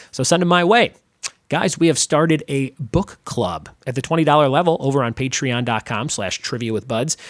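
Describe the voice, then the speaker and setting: A man's voice: medium pitch, no room sound. Chatty man wrapping up his podcast. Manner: chatty, upbeat. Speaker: podcast host. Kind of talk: podcast outro and promotion.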